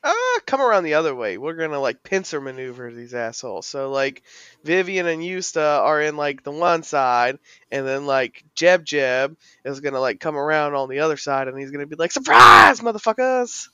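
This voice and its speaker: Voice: medium pitch, moderate pace, fairly bright tone, smooth, dry recording, highs cut off. A player in a tabletop game, chatting enthusiastically and laughing along. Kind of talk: casual tabletop play.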